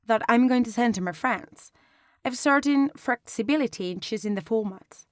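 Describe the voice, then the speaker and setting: A woman explaining a design lesson step by step in a calm, instructional way, recorded as a close voice-over. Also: a little high, no room sound. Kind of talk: online lesson narration.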